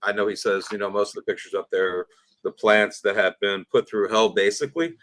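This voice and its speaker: A man's voice: fairly low pitch, steady tone, a little fast, a bit bright, no room sound. A man hosting a casual livestream, friendly and easygoing, taking questions from viewers. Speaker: livestream host.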